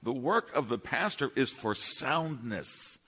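Male pastor preaching, bright lively delivery, emphatic restarts, long hall reverb. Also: mid-range voice, takes it slowly, husky. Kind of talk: expository sermon. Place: church sanctuary.

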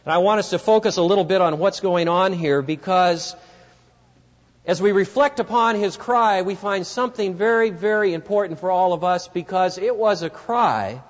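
Lively preacher storytelling a sermon. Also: male voice, high-pitched. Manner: vivid dramatic storytelling, addresses the listeners directly. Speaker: pastor. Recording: dull lo-fi recording with long hall reverb.

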